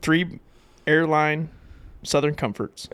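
A man's voice: fairly high pitch, fairly even intonation, slow, fairly bright tone, clean tone, no echo. A man co-hosting a podcast in casual chat, wry and teasing as he asks questions. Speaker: podcast co-host.

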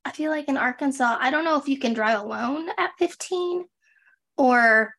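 A young adult woman co-hosts a podcast in a casual chat, trailing off and restarting and saying "like" a lot. Her voice is high-pitched and a bit bright, at a normal speed.

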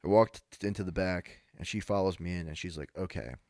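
A man's voice: low voice, fairly even intonation, quick pace, a little mellow, dry recording, clean studio sound. A young man co-hosting a podcast, rambling through stories, acting out what people said, with lots of "dude" and "bro". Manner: rambling storyteller, acts out quotes, says bro and dude. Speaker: podcast co-host. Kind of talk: casual chat.

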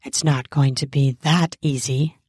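A dominant woman lover murmurs in a low, stern, cooing voice, voiced by the story's woman narrator. She takes her time over every word. The sound is close and dry. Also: measured pace, no room sound. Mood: stern teasing.

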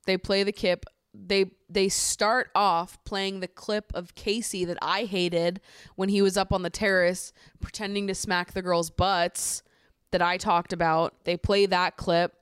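Chatty woman podcaster, smooth and dry. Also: flat delivery, a little slow, no room sound. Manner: chatty, swears freely, rises to exasperated high pitch when ranting. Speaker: podcast host. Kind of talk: casual reality-show recap.

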